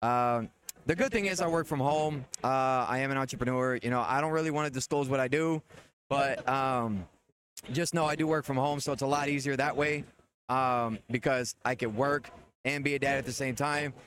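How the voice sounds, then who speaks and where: A man's voice: medium pitch, normal speed, a bit bright. A man, a streamer and father, talking as a guest in a casual live-stream chat at a gaming convention, cheering others on. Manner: hype-man energy, keeps cheering others on.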